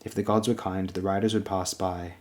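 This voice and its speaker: A man reading a fantasy audiobook aloud in a steady, measured narration. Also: deep voice. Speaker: audiobook reader.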